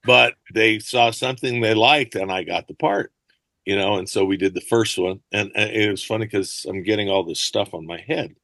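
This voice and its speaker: Older guy on a video call, gravelly bright voice, dry sound, rambling stories. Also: fairly low pitch, moderate pace, no echo. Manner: animated, rambling anecdotes with frequent restarts. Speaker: actor and fight choreographer guest. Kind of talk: casual interview storytelling.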